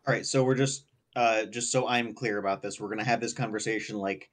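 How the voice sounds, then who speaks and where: A man's voice: on the low side, flat delivery, fairly quick. A man playing in a tabletop game, insistently spelling out the group's plan. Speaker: player. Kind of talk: casual chat during a tabletop game.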